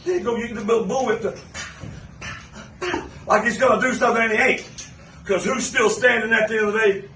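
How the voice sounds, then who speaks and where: A man, a pro wrestler, delivering a steady, taunting, boastful promo. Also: high voice, brisk, a little hiss or hum. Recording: roomy arena mic from a distance.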